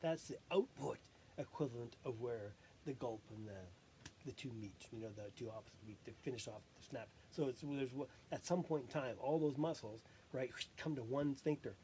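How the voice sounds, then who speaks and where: A person rambling through a self-recorded monologue, halting and often breaking into laughter while catching their breath. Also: medium pitch, dark tone, slight background noise.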